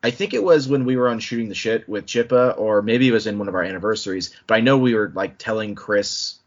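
A man hosting a podcast in casual chat. He talks in an animated way, with quick asides and laughing restarts. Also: lowish voice. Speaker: podcast host. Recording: muffled lo-fi audio.

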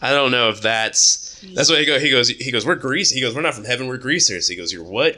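Bright-voiced man retelling a story. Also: mid-range voice, brisk, hardly any pauses. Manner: animated retelling, acts out characters' lines; laughs often, swears casually. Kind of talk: casual book discussion.

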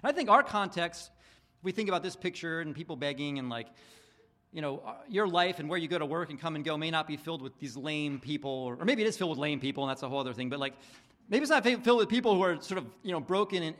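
A man preaching in a loose, conversational way, stumbling over his words and restarting often. His voice sits high for a man and swings widely in pitch as he acts out little exchanges between people. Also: fast talker. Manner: casual, rambling preaching with many restarts and fillers; acts out dialogue in animated voices. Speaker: pastor. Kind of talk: sermon.

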